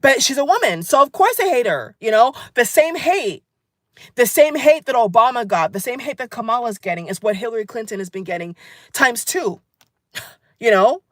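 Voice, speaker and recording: A woman's voice: a little high, expressive, normal speed, no echo, clean studio sound. A woman vlogger delivering an angry, emphatic political rant to her viewers, repeating phrases for stress and calling them "guys.". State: angry and upset.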